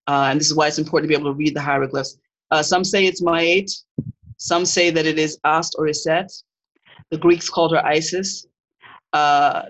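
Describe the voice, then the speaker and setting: A Kemetic faith teacher giving a live-streamed talk, earnest and digressive, often pausing to search for words. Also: mid-range voice, a bit bright. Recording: dull lo-fi stream audio.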